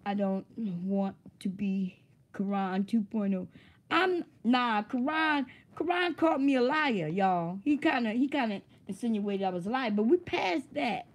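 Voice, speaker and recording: A woman's voice: fairly high pitch, animated, measured pace. A woman hosting a casual livestream, who chats loosely, laughs often and swears freely. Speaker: livestream host.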